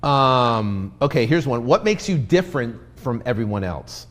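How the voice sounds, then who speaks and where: A man's voice: medium pitch, moderate pace. Man coaching real estate sales live. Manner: energetic, role-plays sales scripts to a seller; repeats himself, many fillers and restarts. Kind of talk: Facebook Live teaching.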